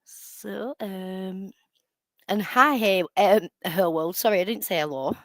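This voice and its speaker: A woman's voice: medium pitch, slow, dry recording. A woman hosting a live stream, chatting casually and sarcastically as she comments on clips. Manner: chatty, sarcastic, laughs often.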